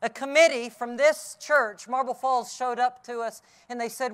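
A middle-aged man preaching an Easter sermon outdoors, telling the story vividly and dropping from loud cries to hushed tones. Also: extremely high pitch, fairly even intonation, normal speed, smooth. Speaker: pastor. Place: outdoors on a hilltop.

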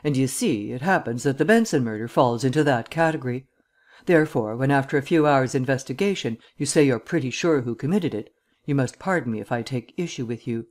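A male audiobook reader voicing a witty, condescending gentleman detective with an airily superior, drawling manner. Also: mid-range voice, lively intonation, a little fast, natural voice. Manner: drawling, airily superior, archaic upper-class phrasing. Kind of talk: audiobook character reading.

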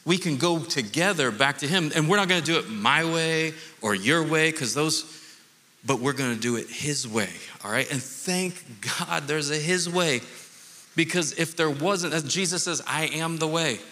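A man pastor giving a conversational, animated sermon with playful asides. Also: a little high, moderate pace, big-room sound.

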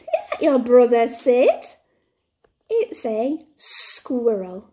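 Slow, gentle-toned woman teaching phonics. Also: sits high, lively intonation. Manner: slow, encouraging, sing-song praise. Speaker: primary school teacher. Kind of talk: phonics lesson for young children.

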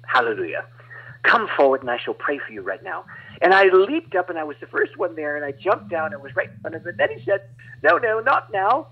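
Husky-voiced man telling a testimony. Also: medium pitch. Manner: animated, dramatic retelling with laughs. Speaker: guest healing evangelist. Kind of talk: storytelling testimony. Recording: dull lo-fi audio.

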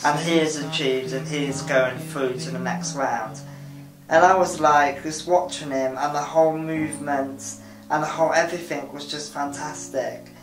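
A man's voice: a little high, steady tone, moderate pace. A man giving an enthusiastic, casual video review of talent show acts, often repeating his praise. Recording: roomy sound with music behind.

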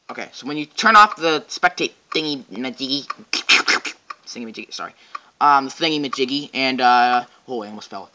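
A man giving goofy, excitable, rambling commentary while playing a game and joking to himself. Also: mid-range voice, moderate pace, muffled recording. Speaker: game reviewer. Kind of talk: casual gameplay commentary.

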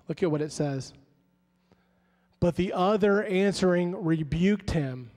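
A male pastor with a high voice delivers a sermon in a church sanctuary. His words ring out with a long hall reverb, and he slips into the voices of the people he quotes, building in intensity as he goes. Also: a little slow, pauses often, darkish tone. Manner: preaching with rising intensity, acting out quoted voices.

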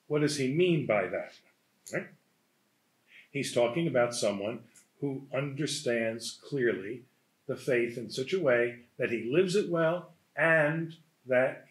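Priest lecturing in a roomy hall, mid-pitched voice, chatty, keeps asking "right?". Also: male voice. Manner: conversational, checks in with "right?" and "huh?". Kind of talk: lecture with anecdotes.

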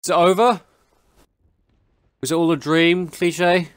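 A man's voice: a little high, steady tone, unhurried, clean tone, dry recording. A young man giving jumpy, exclaiming commentary while playing a horror game and talking to its characters. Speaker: gaming YouTuber.

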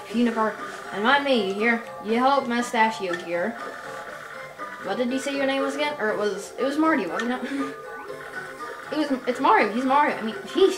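A cranky old tribal elder, as a woman puts her on, barks orders and grumbles in a fairly high voice. She scolds, forgets things and bosses the young ones around. Game music plays in a roomy space behind her.

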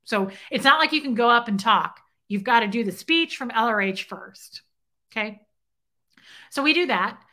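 A woman's voice: a little high, lively intonation, moderate pace, pushed and bright. A middle-aged woman hosting a casual livestream, telling a story bluntly and swearing, and stopping to greet viewers in chat. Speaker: livestream host.

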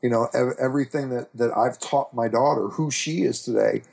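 A middle-aged man speaking as an interview guest, his voice carrying a gravelly, fry-tinged texture. He talks candidly and reflectively, often restarting his sentences as he works through his story. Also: mid-range voice, brisk, a little mellow. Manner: earnest and reflective, with frequent restarts. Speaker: podcast guest.

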